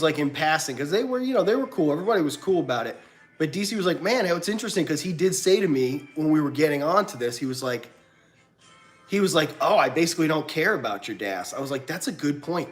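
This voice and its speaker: A man rants through a story on his livestream. He is animated and acts out other people's lines with big jumps in pitch. Faint music plays behind him. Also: fast talker. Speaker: livestream host. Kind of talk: casual storytelling rant.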